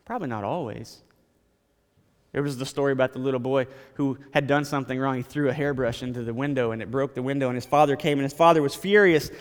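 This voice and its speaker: A man's voice: medium pitch, brisk, clean tone, in a large hall. A man preaching a sermon as pastor, in a conversational style, repeating phrases and stammering now and then.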